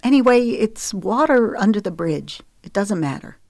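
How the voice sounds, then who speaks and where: A prickly, defensive divorced mother, as a woman narrator puts her on, sharp and quick to bristle. Her delivery is pointed and exasperated, and the recording is dry and close. An audiobook character reading. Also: medium pitch, expressive, no echo, voice pushed up, lightly acted.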